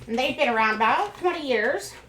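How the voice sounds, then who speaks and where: A woman's voice: high voice, lively intonation, fairly quick, a bit bright. A middle-aged woman from Kansas, chatting casually and rambling as she live-streams from home. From Kansas, USA. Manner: rambling, chatty, talks while eating. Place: home room. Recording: echoey room, faint background noise.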